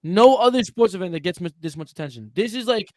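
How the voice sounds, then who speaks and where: A young man co-hosting a casual sports podcast, talking in an animated way, quick to laugh and push back. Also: sits high, dry recording. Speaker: podcast co-host.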